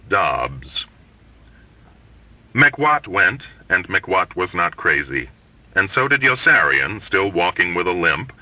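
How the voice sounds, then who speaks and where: Low-voiced, lively male audiobook reader. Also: dry recording. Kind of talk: novel reading. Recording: dull lo-fi dry recording.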